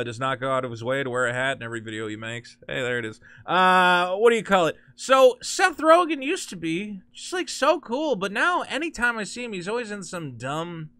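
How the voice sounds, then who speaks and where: Sarcastic ranting man, lively high voice. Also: dry recording. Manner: sarcastic, animated, mocking quoted voices. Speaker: commentary channel host. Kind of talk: ranting commentary with screen share.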